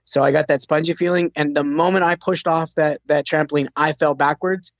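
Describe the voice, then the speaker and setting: A man's voice: fairly high pitch, steady tone, fairly quick, dry recording, lo-fi sound. Earnest man telling a personal story. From United States. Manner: earnest, with frequent restarts and repeated words. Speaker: veteran telling his recovery story.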